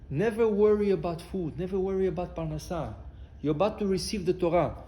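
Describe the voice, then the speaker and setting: A man teaching as a rabbi, telling stories with animated, acted-out dialogue, mixing English with Hebrew phrases. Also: high voice. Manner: animated storyteller acting out dialogue, frequent restarts. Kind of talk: Torah class storytelling.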